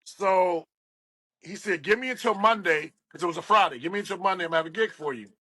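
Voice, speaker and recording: This husky, high-pitched man talks fast over a rough recording. He's a middle-aged radio DJ from West Virginia, appearing as a guest to tell stories in an interview and animatedly performing the voices of those he quotes.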